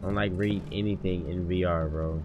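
A man giving slangy, excitable live commentary on a horror game as a gaming streamer. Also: sits low, a little fast, background noise. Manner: excitable, slangy, yelling when startled.

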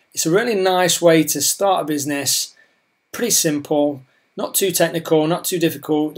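Man, chatty, rambling, hoarse voice, a bit high-pitched. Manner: rambling, chatty, repeats words and restarts. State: losing his voice. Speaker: online business vlogger. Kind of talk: casual talk to camera.

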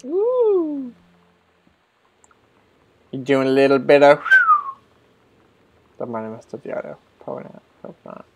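A man's voice: mid-range voice, steady tone, brisk, vocal fry, long pauses, background noise. A man hosting a gameplay video, joking around and swearing, with mumbled asides. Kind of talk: casual let's-play commentary.

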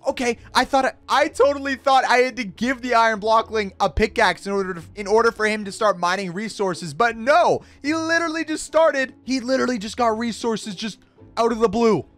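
A young man hosting a Minecraft let's-play, excitable, gasping and shouting at surprises. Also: very high voice, a little fast. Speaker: gaming YouTuber host. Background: faint background music.

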